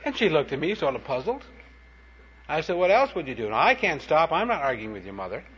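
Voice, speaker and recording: A man's voice: fairly high pitch, sing-song, brisk, fairly bright tone, a little hiss or hum. A man preaching a sermon, telling short anecdotes in a plain-spoken, punchy way. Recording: dull lo-fi recording.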